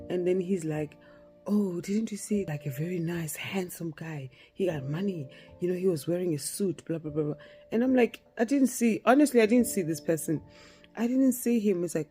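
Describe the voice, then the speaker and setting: A young woman telling a casual storytime, animated and laughing often as she acts out the dialogue. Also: lowish voice. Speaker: storytime vlogger.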